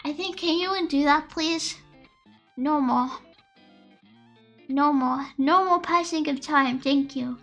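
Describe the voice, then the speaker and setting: A young woman chats with her stream audience in a high, bright, sharp voice. She rambles and spirals into theatrical, exaggerated complaints. Faint lofi music plays quietly underneath. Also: slow pace, long pauses. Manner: rambling, melodramatic ranting to chat. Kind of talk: casual livestream chat.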